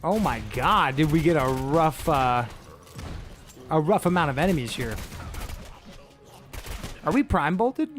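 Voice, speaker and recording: A man's voice: a little high, lively intonation, measured pace, long pauses, fairly bright tone, a little hiss or hum. A man commentating casually while he plays a shooter game. He rambles, jokes and swears freely. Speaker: streamer.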